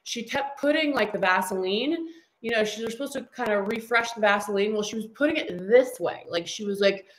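A woman's voice: medium pitch, a little fast, rough recording. A woman in her thirties, a guest in a casual interview, telling stories with energy and acting out what people said. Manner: animated storyteller who acts out quoted dialogue.

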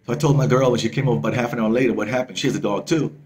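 Man, travel vlogger, casual storytelling, excitable, swearing, repetitive, mid-pitched voice. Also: rapid-fire, a little hiss or hum. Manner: excitable, swears freely, repeats himself.

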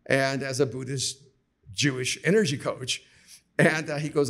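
A middle-aged man telling lively anecdotes as an author guest on a podcast taped live, acting out the people he quotes. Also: medium pitch, normal speed, gravelly. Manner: animated anecdotes, acts out quoted voices. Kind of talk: conversational storytelling.

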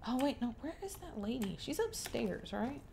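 High, lively young woman streamer. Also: normal speed, gravelly, slight background noise. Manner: bubbly, playful, talks to the game characters. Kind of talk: casual gameplay commentary.

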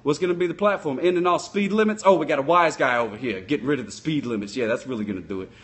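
A man's voice: mid-range voice, fast, lightly acted. A man voicing a folksy male sock-puppet patrol cop who rambles with loose grammar while chatting with viewers on a comic live stream. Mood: chatty.

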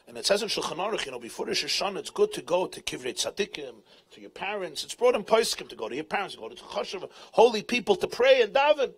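A man, a rabbi, telling a story at a live event, animated, acting out voices, laughing often and dropping Hebrew and Yiddish terms. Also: high voice, fast, few pauses. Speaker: rabbi and speaker. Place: event tent.

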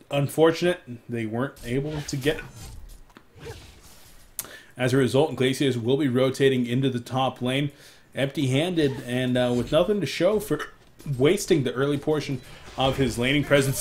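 Young guy doing esports play-by-play, has the hiccups, gets loud and excited in fights, headset mic. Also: moderate pace, long pauses, a little hiss or hum. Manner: excitable, rises sharply in loudness and pitch during fights; apologetic asides to viewers. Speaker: esports caster. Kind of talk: solo live game commentary.

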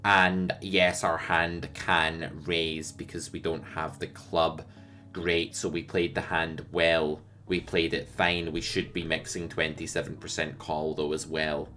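A man impersonating a nerdy man obsessed with copying solvers, talking slowly and deliberately with earnest amazement. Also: extremely low pitch, level tone, sharp tone, faint music behind, heavily acted. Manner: slow, deliberate, earnestly impressed. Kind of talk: comic impersonation in a lesson.

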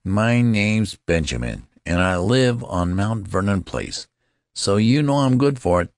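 A man reading an audiobook, voicing a small boy who is really an old general, shrill and commanding. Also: expressive, unhurried, no echo, clean studio sound. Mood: indignant.

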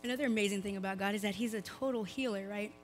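A young woman, preaching a casual youth sermon in a slightly hoarse voice, chatty and full of "like" fillers. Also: mid-range voice, steady tone, racing, slight background noise. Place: church service, recorded live.

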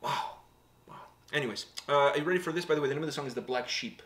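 A man's voice: a little high, racing, a bit bright. A man from Portugal hosting a reaction video, telling a story in a playful, chatty way. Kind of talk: casual chat. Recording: echoey room.

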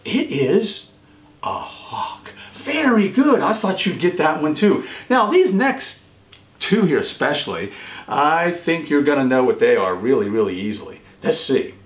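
Lively, encouraging man quizzing kids. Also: moderate pace. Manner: encouraging, praises often, pitch jumps on answers. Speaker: children's show host. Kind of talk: quiz for children. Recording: echoey room.

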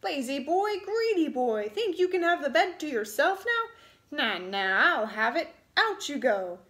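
A woman's voice: sits high, sing-song, unhurried, a bit bright, pitched above the performer's own voice, exaggerated voice. A woman reading aloud, voicing a fiery, bossy little man who roars orders at the boys. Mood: bossy, roaring. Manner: roaring, barking orders. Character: bossy fiery little male Christmas sprite.

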